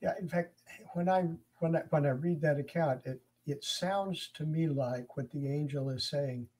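A man's voice: on the high side, normal speed, a little mellow, rough recording. An older man hosting a conversational interview, speaking emphatically and repeating phrases for stress. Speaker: interview host.

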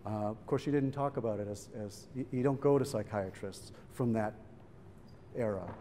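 A man's voice: fairly low pitch, normal speed, dark tone. A middle-aged man speaking at a public event, telling a family story in a conversational way and acting out the voices of people he quotes. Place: museum event hall. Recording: hall reverb, faint background noise.

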